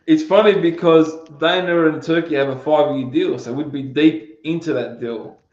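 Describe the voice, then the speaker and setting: A man's voice: on the high side, moderate pace, darkish tone. A man hosting an interview, asking questions in an easygoing, casual way. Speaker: podcast host. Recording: roomy, muffled lo-fi sound.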